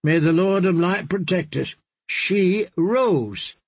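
A man's voice: high voice, slow pace, slightly rough, dry recording, voice pushed up, exaggerated voice. A man doing a solemn, awed red priest. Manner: solemn, reverent.

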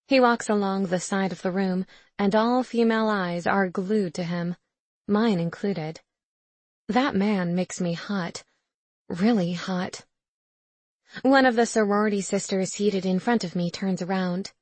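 A woman's voice: medium pitch, a little slow, darkish tone, dry recording. A young woman narrating a first-person audiobook with a wry, sarcastic inner voice.

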